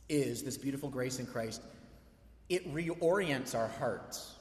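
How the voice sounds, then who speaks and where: A man preaching from the pulpit in a loose, storytelling manner, his voice sitting a little high for a man. The sound rings out with a long, roomy reverb, as in a church sanctuary. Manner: conversational storytelling with humor. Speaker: pastor. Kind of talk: sermon. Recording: echoey hall reverb.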